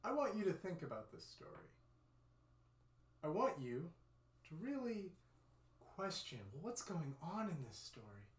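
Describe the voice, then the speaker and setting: Friendly expressive male storyteller for kids, somewhat high voice, echoey room. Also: unhurried, pauses often. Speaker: children's storyteller at a church. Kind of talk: storytelling for children. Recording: roomy echo.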